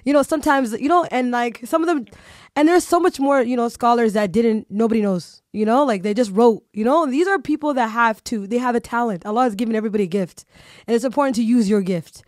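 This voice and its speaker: Animated chatty woman podcast host. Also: fairly high pitch, fast talker, no echo, clean studio sound. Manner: animated, heavy use of fillers like "you know". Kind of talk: casual podcast chat.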